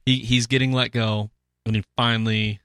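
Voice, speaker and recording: A man's voice: mid-range voice, little pitch movement, moderate pace, fairly bright tone, clean tone, no echo, studio quality. A man hosting a casual podcast chat, joking and animatedly retelling scenes. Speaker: podcast host.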